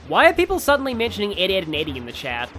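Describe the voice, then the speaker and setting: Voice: mid-range voice, huge pitch swings, rapid-fire, fairly bright tone, faint music behind. A streamer giving casual, rambling let's play commentary, reading chat aloud with lots of fillers. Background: game audio.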